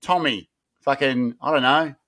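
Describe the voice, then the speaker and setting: A man's voice: mid-range voice, measured pace, sharp tone. An Australian man hosting a podcast, hyping up a segment in a rambling, playful way. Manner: hyped, rambling build-up talk. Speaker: podcast host. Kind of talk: casual podcast banter.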